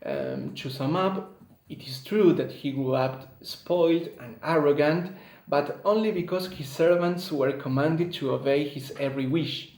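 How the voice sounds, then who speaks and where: Man, student presenter, slow and hesitant academic reading, echoey room sound. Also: on the high side, darkish tone. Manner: measured, with frequent filler hesitations. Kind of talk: read-aloud academic presentation.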